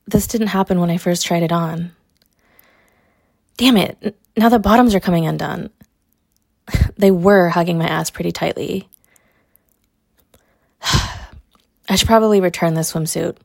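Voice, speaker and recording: A young adult woman voices an audio role-play in a teasing, mocking way, laughing often. Her mid-range voice carries a gravelly fry. The sound is dry and close, with no room echo. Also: mid-range voice, a little mellow. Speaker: college athlete character in an audio role-play.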